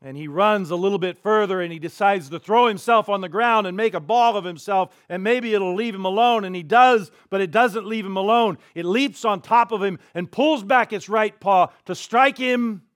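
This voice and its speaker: A man preaching as a pastor, telling a story in an animated way with big swings in loudness. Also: sits high, normal speed, hardly any pauses, no echo, studio quality. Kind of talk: sermon storytelling. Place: church.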